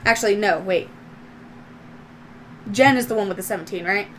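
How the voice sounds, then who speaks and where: A woman's voice: mid-range voice, normal speed, fairly bright tone, a little hiss or hum. A woman narrating as game master of a tabletop game, describing scenes in a loose, descriptive way with fillers.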